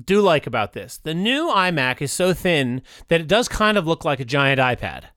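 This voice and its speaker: A man co-hosting a comedy talk show, riffing with animated banter and slipping into silly voices. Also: a little high, moderate pace, no room sound, clean studio sound. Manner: animated, jokey, slips into silly put-on voices. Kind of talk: comedic live-reaction banter.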